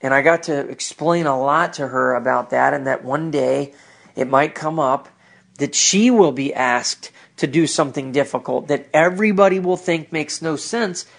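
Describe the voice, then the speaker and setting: A man with a fairly high voice speaks earnestly about faith and his own life. He is reflective and sincere, hosting his own commentary show. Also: moderate pace, gravelly, fairly bright tone. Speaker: podcast host with a ministry. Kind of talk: personal religious commentary.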